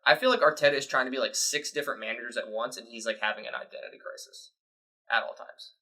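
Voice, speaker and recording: A man's voice: medium pitch, fast, pushed and bright, poor audio. A man co-hosting a sports podcast, giving rambling, opinionated takes in casual chat. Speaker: podcast co-host.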